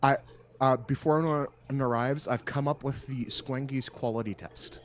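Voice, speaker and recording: A man's voice: mid-range voice, fairly even intonation, moderate pace, a little hiss or hum. A man playing his character in a tabletop game, joking in a put-on accent. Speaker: player. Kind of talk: in-character tabletop role-play.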